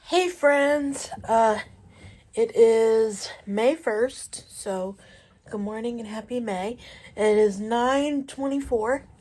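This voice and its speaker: Speaking slowly in a somewhat high voice, a twentysomething vlogger rambles through a relaxed chat full of fillers. She's riding an exercise bike at home, and her voice is stuffy from allergies.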